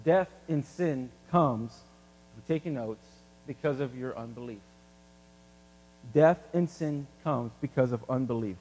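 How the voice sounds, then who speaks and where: A man preaching a sermon in a casual, animated way, using everyday examples. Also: medium pitch, long reverb tail. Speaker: pastor.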